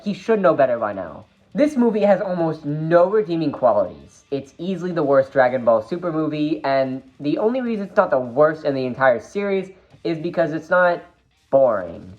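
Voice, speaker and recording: A woman giving an animated fan review of a film, emphatic and exasperated, with her voice leaping up when she gets upset. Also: on the low side, lo-fi sound.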